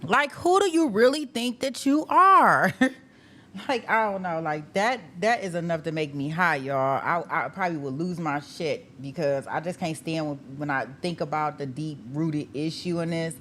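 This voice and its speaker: A woman's voice: low voice, moderate pace, fairly bright tone, a little hiss or hum. Emphatic, exasperated woman host ranting. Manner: emphatic, exasperated, repeats "how dare you", swears. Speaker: host of live trial coverage. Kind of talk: heated casual rant.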